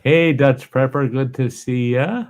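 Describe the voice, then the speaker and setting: A man's voice: mid-range voice, measured pace, a little mellow. A man hosting a casual chat, telling a long joke in a folksy way and swearing freely. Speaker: host.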